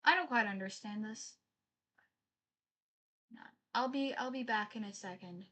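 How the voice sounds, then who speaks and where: A woman's voice: medium pitch, measured pace, fairly bright tone. A woman live-streaming, chatting casually with her viewers, apologizing often and reading their messages aloud.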